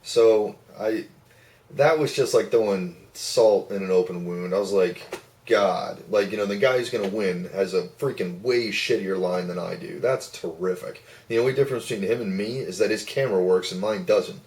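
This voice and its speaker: A man telling a personal story to camera in a casual, rambling way, swearing freely and getting animated. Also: lowish voice, brisk, recorded from a distance.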